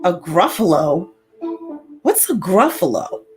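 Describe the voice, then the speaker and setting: A woman voicing a sly, hungry male fox in a storybook read-aloud, coaxing and smooth. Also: on the low side, sing-song, slow pace, faint music behind, pitched below the performer's own voice.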